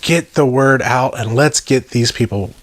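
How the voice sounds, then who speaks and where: Chatting with viewers in a relaxed, unhurried way, this Southern-accented toy review host stays enthusiastic and tosses in joking asides. His voice is medium in pitch.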